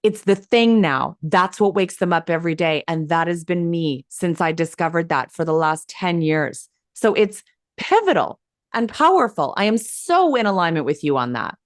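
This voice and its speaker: A woman guest telling her story in an interview, lively and emphatic, acting out quoted dialogue as she goes. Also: on the low side, normal speed, no room sound, clean studio sound. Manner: animated, acts out quoted dialogue; emphatic and enthusiastic. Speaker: hypnosis coach and guest.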